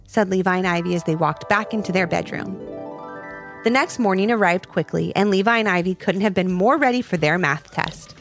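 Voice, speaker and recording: A woman's voice: medium pitch, fairly quick, faint music behind. A woman narrating a children's story expressively, speaking to young listeners.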